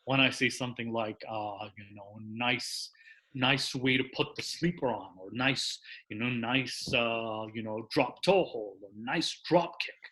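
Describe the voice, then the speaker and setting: A man in casual podcast chat, rambling with lots of fillers and restarts, voice a bit husky. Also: medium pitch, a little slow, sharp tone.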